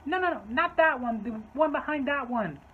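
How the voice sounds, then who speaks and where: A woman voicing an entitled customer in her thirties who yells demands at store staff. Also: high voice, animated, a little fast, phone-quality sound, pitched above the performer's own voice. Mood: fussy. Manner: demanding, yelling for the manager.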